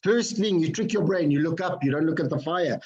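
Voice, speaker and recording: A man giving an energetic motivational talk to an online group. He keeps asking his listeners questions and repeats his phrases for effect. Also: fairly high pitch, fairly quick, slightly rough, muffled recording. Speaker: motivational speaker.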